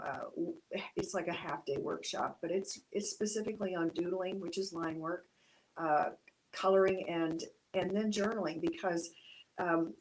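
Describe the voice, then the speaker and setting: Woman art teacher, mid-pitched voice, casual and reflective, plenty of ums and restarts. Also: a little hiss or hum, poor audio. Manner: reflective, gently encouraging, many fillers and restarts. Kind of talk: casual instructional talk.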